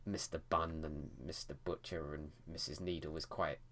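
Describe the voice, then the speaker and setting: A man's voice: a bass voice, little pitch movement, moderate pace, fairly bright tone. A man talking casually to camera about editing his book, rambling with frequent restarts. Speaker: writing vlogger.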